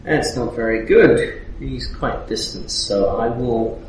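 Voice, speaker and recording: A man playing a tabletop game who describes his character's actions in a measured, matter-of-fact way. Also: medium pitch. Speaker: player. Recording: distant mic in echoey room with background noise.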